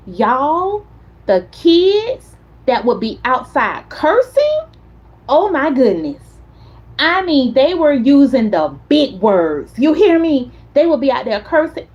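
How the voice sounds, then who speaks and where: A woman hosting a casual chat stream, telling animated stories and talking straight to her viewers. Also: sits high, dull audio. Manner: chatty, animated storyteller, talks straight to viewers. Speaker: content creator host.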